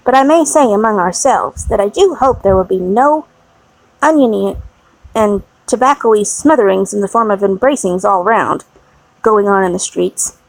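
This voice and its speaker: A woman voicing a fussy, fiercely loyal older English maid in an audiobook reading, brisk and emphatic. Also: mid-range voice, creaky, no echo, low-quality recording. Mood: indignant.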